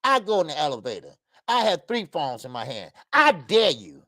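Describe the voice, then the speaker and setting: A man's voice: a little high, sing-song, brisk, pushed and bright, no echo. A man hosting a boxing livestream, ranting bluntly and profanely, repeating himself as he heats up. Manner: blunt, profane, repetitive, heated. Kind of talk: heated livestream rant.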